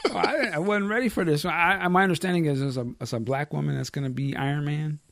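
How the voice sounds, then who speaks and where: A man hosting a casual podcast chat, animated, often exclaiming and laughing. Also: a little high, fast, creaky, no echo. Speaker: host.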